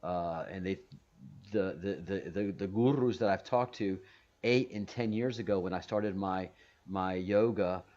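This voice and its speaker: A man's voice: low voice, a little slow, darkish tone. A man hosting a casual video call stream, rambling with many restarts and repeated words. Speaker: stream host. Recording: muffled video call audio.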